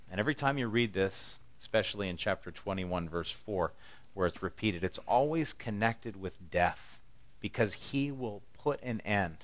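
A man's voice: low voice, fairly bright tone. A man pastor preaching a conversational, humorous sermon with emphatic stresses.

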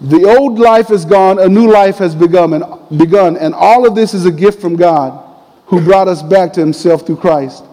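A man preaching a sermon, telling a personal story in a conversational, animated way. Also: sits high, moderate pace, big-room sound, low-quality recording. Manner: conversational, animated retelling with quoted voices.

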